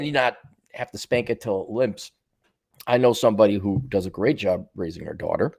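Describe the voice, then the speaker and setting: A man's voice: on the low side, fairly quick, creaky, darkish tone, breathy edge. A man hosting his own show, talking bluntly and profanely in a casual monologue and acting out the voices of people he quotes. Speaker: podcast host answering viewer comments.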